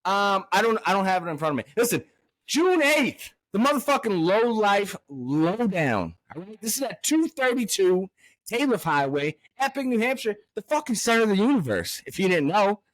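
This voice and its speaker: Male podcast host, fairly high and very lively voice, foul-mouthed ranter, dry close sound. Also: fairly quick, dry recording. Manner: profane, loud, swings from angry ranting to hyped cheer. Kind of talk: casual podcast chat.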